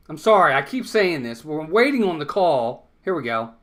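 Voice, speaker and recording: High, animated fan commentator man. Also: normal speed, hardly any pauses. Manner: emphatic, repeats his points insistently. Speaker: fan stream host calling the game. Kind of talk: fan play-by-play watch-along commentary.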